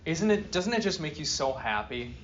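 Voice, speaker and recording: A man's voice: on the high side, very animated, moderate pace, muffled recording, a little hiss or hum. A male philosophy professor giving a classroom lecture, reading a text aloud and then joking with students and asking them questions. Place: university classroom.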